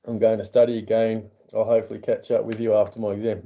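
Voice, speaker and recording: An Australian man hosting a casual livestream, chatting and reading chat aloud. He greets viewers in a raised, higher voice. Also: little pitch movement, fast talker, dark tone. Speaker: livestream host.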